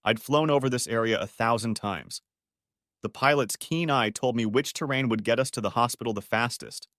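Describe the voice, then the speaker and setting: A man narrating a first-person audiobook story in a steady storytelling manner. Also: medium pitch, moderate pace, dry recording, studio quality.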